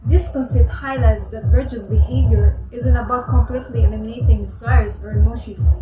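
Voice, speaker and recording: A woman presenting a school lesson, reading a scripted explanation in a steady, plain tone. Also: a little high, brisk. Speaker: student presenter. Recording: echoey, far from the mic, music behind.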